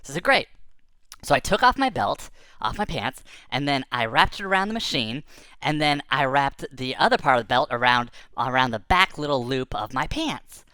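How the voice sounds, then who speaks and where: A woman's voice: extremely low pitch, lively intonation, moderate pace, fairly bright tone, no room sound, studio quality. A woman telling a silly first-person tall tale for kids, playful and exaggerated, breaking into sing-song chants. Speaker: storyteller.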